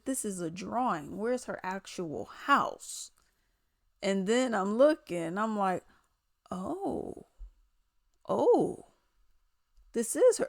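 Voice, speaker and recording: Sarcastic animated woman commentator. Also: on the high side, no echo, studio quality. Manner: animated, sarcastic, mimics others in quotes. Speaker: commentary vlogger. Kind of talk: casual commentary.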